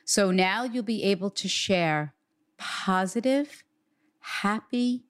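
A woman's voice: mid-range voice, takes it slowly, dry recording, clean studio sound. A woman working as a psychic medium, giving an earnest, reassuring reading in conversation. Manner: earnest, reassuring, relays quotes in a raised voice.

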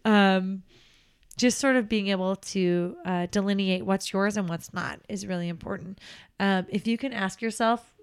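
A woman who works as a nanny, co-hosting a podcast in casual chat, earnest and animated. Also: medium pitch, moderate pace, clean tone. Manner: warm, earnest, animated storytelling with laughs.

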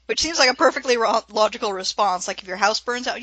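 A woman's voice: fairly high pitch, fast talker, bright, forceful tone, dry recording, rough recording. A woman co-hosting a podcast, making wry, sarcastic remarks in casual chat. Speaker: podcast co-host.

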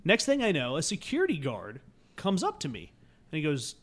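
A man telling a comic story on a podcast, acting out the other people in it and swinging between loud bursts and hushed asides. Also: fairly high pitch, wildly swooping pitch, fairly quick. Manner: acts out quoted voices, swings loud and soft. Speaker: podcast guest.

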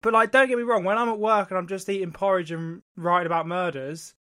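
Chatty man, slightly high voice. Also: fairly even intonation, fast talker, bright, forceful tone. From Devon, England. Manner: chatty storyteller, swears casually. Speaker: podcast co-host. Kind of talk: casual chat.

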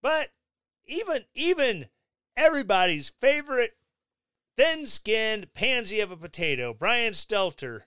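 A sarcastic male commentator with a high, bright voice that jumps up and down in pitch as he mocks the news. He talks at an unhurried pace with a smooth, crisp tone, recorded close and dry with no room sound. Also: no room sound. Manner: sarcastic, mocking, animated asides. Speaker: commentary vlogger.

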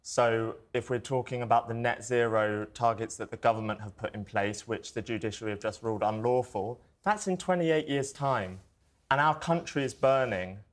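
A man's voice: medium pitch, normal speed. A young man, a protester guest, arguing his case earnestly in a heated debate. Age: young adult. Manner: earnest, insistent.

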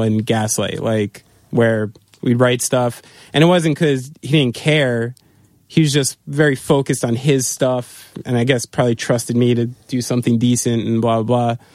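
A man's voice: mid-range voice, fairly even intonation, moderate pace, a little mellow, no echo, studio quality. A man, a band's drummer, telling tour stories in a loose, casual way with lots of fillers and swearing. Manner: loose, swearing, laughing storyteller with many fillers. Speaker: band drummer, guest. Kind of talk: casual interview storytelling.

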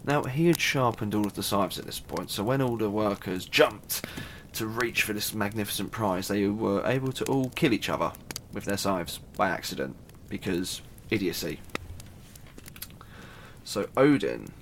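A man's voice: lowish voice, lively intonation, moderate pace, a little hiss or hum. A man casually retelling a myth, chatty and irreverent, with asides and the odd swear. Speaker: storyteller.

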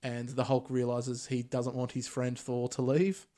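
A man talking through a movie plot on a podcast. His pitch sits in the middle of the range. He keeps it loose and conversational. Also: unhurried. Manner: recaps plot in a relaxed, chatty way with Australian slang. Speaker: podcast host. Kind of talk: casual movie recap chat.

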